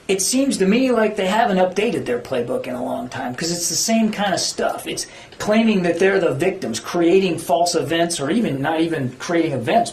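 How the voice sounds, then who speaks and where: A man's voice: fairly high pitch, darkish tone. Earnest male spokesman in echoey room. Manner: earnest, emphatic, searching for words. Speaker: government spokesman. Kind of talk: press briefing answers. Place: briefing room.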